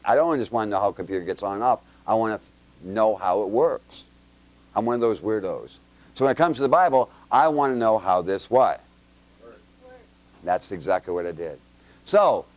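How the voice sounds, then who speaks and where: A man giving an informal Bible teaching to a congregation with children, firing quick questions at them in a chatty, joking way with homespun examples. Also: medium pitch, a little mellow, no room sound. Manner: quizzes the audience with quick questions.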